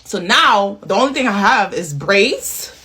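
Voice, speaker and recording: Husky woman venting in frustration. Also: mid-range voice, expressive, a little slow, bright, forceful tone. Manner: frustrated, emphatic repetition. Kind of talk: venting to camera.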